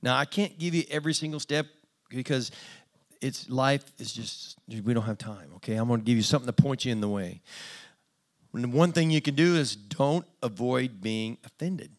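A man's voice: mid-range voice, normal speed. A man preaching a conversational sermon in a plain-spoken, self-deprecating way with dry humor.

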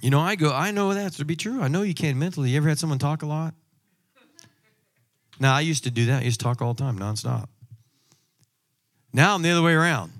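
A man preaching a sermon, emphatic, moving from loud exhortation to quiet asides and humorous personal stories. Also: a little high, animated, fast, pauses often.

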